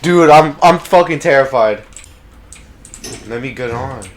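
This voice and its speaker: A young man playing a horror game, swearing in panic, yelling at monsters and muttering low when tense. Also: expressive, measured pace, a little hiss or hum. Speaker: gamer.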